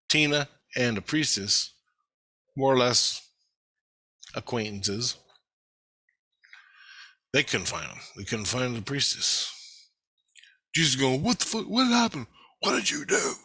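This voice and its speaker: A man's voice: lowish voice, sharp tone, husky, no room sound. A man in a casual monologue video who rambles through a story and swears constantly.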